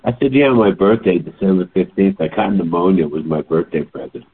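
A man in his late seventies telling a story in a chatty, animated way, as a holistic health practitioner. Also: deep voice, a little fast, a little hiss or hum. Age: older. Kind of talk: casual monologue. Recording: tinny phone-like sound.

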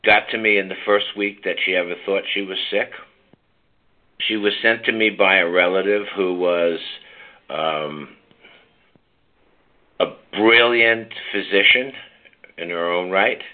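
A man's voice: sits low, fairly even intonation, a little slow, pauses often. Brash older man on a phone-like line. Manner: brash, teasing, coaxing listeners. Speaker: host of a call-in health show. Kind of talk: casual call-in talk.

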